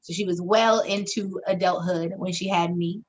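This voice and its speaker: A woman, co-hosting a podcast and telling a candid story in a frank, expressive way, swearing freely and acting out the voices she quotes. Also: fairly low pitch, moderate pace, highs cut off. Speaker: podcast co-host.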